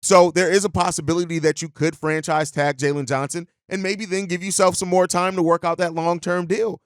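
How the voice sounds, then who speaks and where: A male podcast host gives persuasive sports commentary in a rapid, slightly high voice. He is recorded close to the mic with a dry, dead sound. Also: steady tone, smooth, dry recording. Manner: conversational, persuasive.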